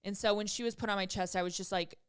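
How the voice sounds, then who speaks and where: A woman's voice: medium pitch, steady tone, fast, smooth, dry recording, clean studio sound. A woman in her thirties hosting a podcast, telling a personal story in a candid, emphatic way and swearing freely. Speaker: podcast host. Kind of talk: casual storytelling.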